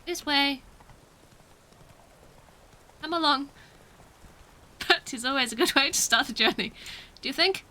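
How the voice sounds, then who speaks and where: A woman's voice: high voice, a little slow, pauses often, bright, forceful tone. A young British woman streaming a game, chatting casually, mocking herself and laughing often. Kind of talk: casual gameplay commentary.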